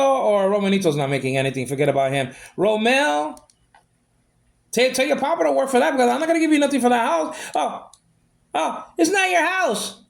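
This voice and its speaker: A man's voice: very high-pitched, vocal fry. A man ranting in a monologue, aggrieved and repeating himself as he vents. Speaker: vlogger.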